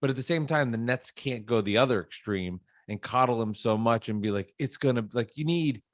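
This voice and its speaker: Podcast co-host, man, mid-pitched, blunt and frustrated, swears freely, dry close mic. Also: a little fast, dry recording. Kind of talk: casual sports chat.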